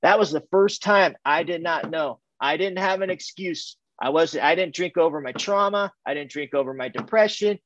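A man tells his recovery story as loose, chatty personal testimony, stacking up "and, and," dropping in "man" and "dude," and poking fun at himself. His voice sits fairly high with a slight brightness, the recording is dry with no room sound, and the high frequencies are cut off.

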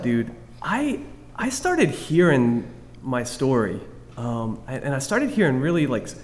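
A man sharing his recovery story candidly with a group, self-mocking and rambling, full of restarts. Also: medium pitch. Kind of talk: candid personal testimony to a group. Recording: long reverb of a hall.

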